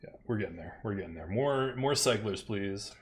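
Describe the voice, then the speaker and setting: A man with a lowish voice talks through a card game as he plays it. He mutters along casually and laughs at his own misplays. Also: animated, normal speed, husky. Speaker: streamer playing a card game. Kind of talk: casual gameplay commentary.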